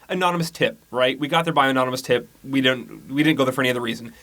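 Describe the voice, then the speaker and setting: A man casually recapping a movie plot on a podcast, rambling along and acting out the characters' lines in quick voices. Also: mid-range voice, animated, a bit bright. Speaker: podcast co-host.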